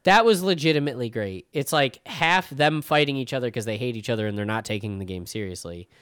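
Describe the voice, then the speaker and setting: A young man talking fast and excitedly in a casual podcast chat, tossing in dude and the odd swear. His voice sits at a middle pitch. The sound is dry and close, with no room echo. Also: clear, resonant tone. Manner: enthusiastic, swears casually, says dude a lot. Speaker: podcast host.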